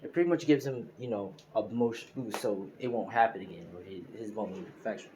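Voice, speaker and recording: A man's voice: on the low side, a little fast, background noise. Rambling man telling a fan story. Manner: rambling, full of fillers like "you know" and "pretty much"; laughs at his own slips, talks straight to viewers. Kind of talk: casual improvised story retelling.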